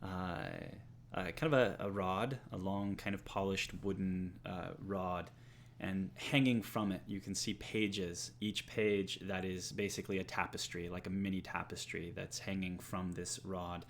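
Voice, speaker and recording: A man narrating as game master for a tabletop role-playing game, in a relaxed way with many fillers. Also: low-pitched, unhurried, a little hiss or hum.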